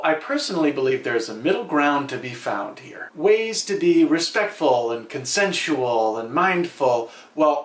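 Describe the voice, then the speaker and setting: A man's voice: a little high, a bit bright, roomy sound. A man hosting a vlog and giving advice to the camera in a playful, sarcastic, preachy manner. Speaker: vlog host.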